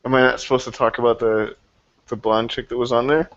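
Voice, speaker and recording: A man's voice: medium pitch, little pitch movement, a little fast, fairly bright tone, dry recording. A man in a casual group video chat, blunt and laid-back, swearing. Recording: dry, dull lo-fi call audio.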